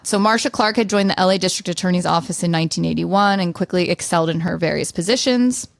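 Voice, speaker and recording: Woman on a podcast narrating true crime, lowish voice, dry sound. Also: fast, gravelly, dry recording. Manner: storytelling, reading events in order. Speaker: podcast co-host.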